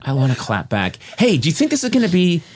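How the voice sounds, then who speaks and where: A man hosting a comic podcast, chatting with his co-hosts in mock-boastful, deadpan self-praise. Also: fairly high pitch, quick pace, background noise. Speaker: podcast host.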